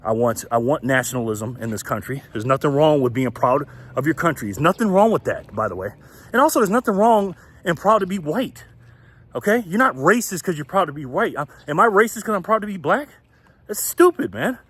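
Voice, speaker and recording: A man from the United States rants in a loose, blunt commentary vlog. His voice sits a little high for a man and swings widely in pitch, with frequent laughs breaking into his sentences. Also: brisk, husky. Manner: animated, blunt and profane, laughs often mid-sentence. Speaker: political commentary channel host. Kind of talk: casual ranting commentary vlog.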